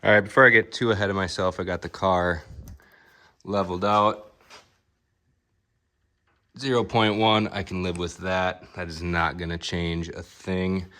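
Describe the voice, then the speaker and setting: A man's voice: deep voice, fairly even intonation, unhurried, long pauses, pushed and bright. A young man working as a car fabricator, casually rambling through a shop vlog with lots of fillers. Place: car workshop.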